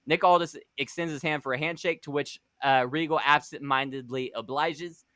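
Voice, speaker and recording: A man with a bright, fairly high voice hosts a casual podcast and tells a scripted wrestling tale between quick, laughing back-and-forth. He sounds close to the mic in a dry, dead room. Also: fairly even intonation, clear, resonant tone, no echo. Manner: quick, defensive, laughing, swears. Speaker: podcast host, storyteller of a fantasy wrestling league. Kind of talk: casual podcast chat and narration.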